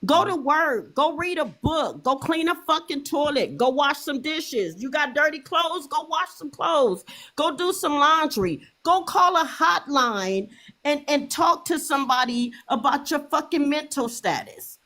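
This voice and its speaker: Middle-aged woman, livestream host, slightly high voice, heated profane repetitive rant. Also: expressive, unhurried, bright, forceful tone.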